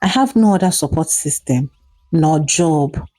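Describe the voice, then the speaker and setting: An anxious young man, as a woman narrator puts him on, lowered and coaxing. He talks slowly and softly in a dark, mellow tone, faint music behind this storybook scene. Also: expressive. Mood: despairing. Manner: low, coaxing, reassuring. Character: young man, anxious boyfriend trying to soothe.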